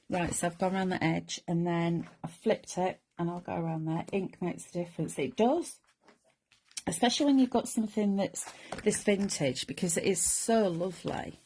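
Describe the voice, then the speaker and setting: A woman's voice: fairly low pitch, moderate pace, long pauses, mellow, a little hiss or hum. A middle-aged woman chattily talking through a papercraft demonstration step by step and chatting with viewers. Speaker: craft demonstrator. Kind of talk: chatty live crafting demonstration.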